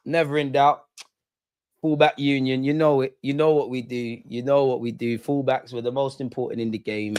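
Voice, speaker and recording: A young man reacts live to a penalty shootout, jeering and mocking the takers in a loose, excitable rant. His voice sits at an ordinary middle pitch. The sound is dry and close. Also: normal speed, clean tone, dry recording. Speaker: football fan channel host. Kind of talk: live watch-along commentary.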